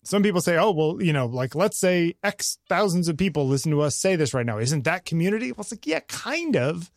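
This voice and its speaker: Animated married man telling a story. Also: a little high, brisk, no room sound, studio quality. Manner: animated storytelling, acts out quotes. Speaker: podcast co-host. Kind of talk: casual conversation.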